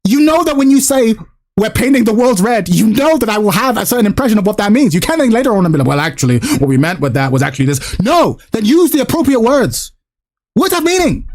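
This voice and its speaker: A man's voice: very high voice, big pitch swings, brisk, darkish tone. A man hosting a live stream, ranting in exasperation and swearing as he talks with a guest. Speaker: streamer host. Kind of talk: casual live-stream chat.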